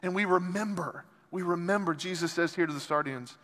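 Male pastor preaching in a big church, fairly high voice, long hall reverb, passionate delivery swinging soft to loud. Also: a little fast. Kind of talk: sermon. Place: large church sanctuary.

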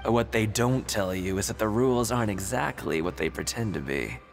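A sly older prisoner. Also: male voice, lowish voice, animated, brisk, creaky, faint music behind. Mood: conspiratorial. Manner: teasing, conspiratorial, chuckling. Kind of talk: video game voice acting.

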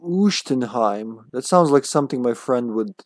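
A man's voice: mid-range voice, lively intonation, moderate pace, no echo. A man streaming a game, chatting casually, swearing freely and yelping when his character is hit. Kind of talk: casual gameplay commentary.

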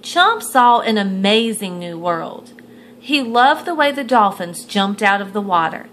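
A woman's voice: mid-range voice, big pitch swings, unhurried, fairly bright tone, a little hiss or hum, rough recording. A woman reading a children's picture book aloud, stopping to point at the pictures and ask the listeners questions. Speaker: storyteller.

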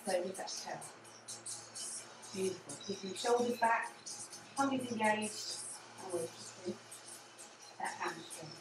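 An English-accented fitness instructor leads a low-impact cardio class, cheering people on and repeating cues like "again" and "yeah," sometimes out of breath. She speaks unhurriedly with long pauses. The room is echoey, the mic sits at a distance, and music plays in the background.

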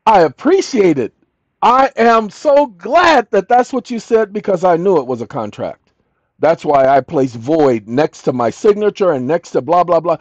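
A man's voice: high-pitched, animated, moderate pace, a little mellow, dry recording. An older man telling a story as a channel host, emphatic and repeating his key lines. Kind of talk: storytelling monologue. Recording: dull lo-fi audio.

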